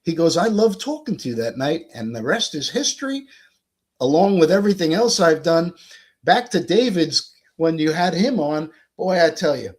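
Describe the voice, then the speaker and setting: An American man in his sixties, a guest telling a career story in a casual, animated way and acting out the dialogue. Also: on the high side, breathy edge. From United States. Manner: animated, acts out quoted dialogue.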